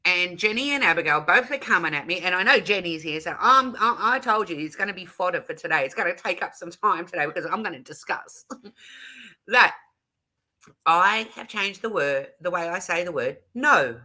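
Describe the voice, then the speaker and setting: An Australian woman hosts a relaxed live stream, rambling from one thought to the next and correcting herself as she goes. Her voice is very bright and sharp, and she giggles often while reading viewer comments aloud. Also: fairly low pitch, normal speed. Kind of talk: casual live stream chat.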